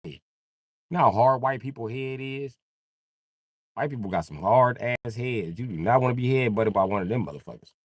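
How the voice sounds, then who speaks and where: A man's voice: medium pitch, normal speed, no room sound. A young man riffing crudely on a live comedy stream, jumping into voices. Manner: crude, animated, jumps into voices.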